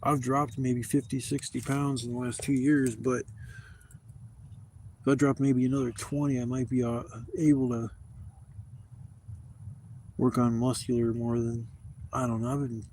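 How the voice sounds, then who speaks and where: A man's voice: medium pitch, level tone, measured pace, pauses often, darkish tone, a little hiss or hum. A man in his fifties telling rambling, profane stories in a casual vlog from a campsite. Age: 50s. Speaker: camping vlogger. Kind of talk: casual storytelling to camera. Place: outdoors at a campsite.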